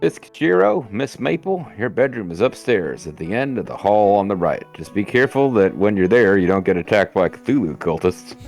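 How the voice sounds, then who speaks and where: A man's voice: lowish voice, sing-song, normal speed, vocal fry, few pauses, darkish tone, soft background music. A man voicing a folksy male lodge keeper in a game, reading his lines with playful jokes thrown in. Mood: chatty. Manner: playful, jokey ad-libs. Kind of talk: reading game dialogue aloud in a put-on voice.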